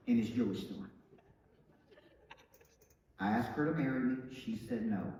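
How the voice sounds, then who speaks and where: A middle-aged man with a Southern accent giving an emphatic motivational talk, dropping low and quiet, then rising loud and bold. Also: a little hiss or hum. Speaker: motivational speaker. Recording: echoey hall, from far off.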